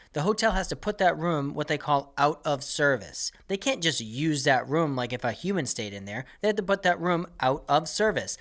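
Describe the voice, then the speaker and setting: A man's voice: a little high, fairly bright tone. A man hosting his own comedy podcast, delivering an exasperated, profane rant as a monologue.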